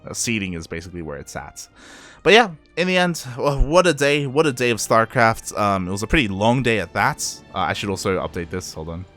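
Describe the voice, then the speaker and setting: A man's voice: lowish voice, very animated, a little fast, fairly bright tone, faint music behind. A tired young man with an Australian accent that has a Latin American touch, chatting casually as an esports caster, rambling and correcting himself. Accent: Australian with Latin American influence. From Australia, Peruvian parents. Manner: rambling, self-correcting, chuckles often. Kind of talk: casual stream wrap-up chat.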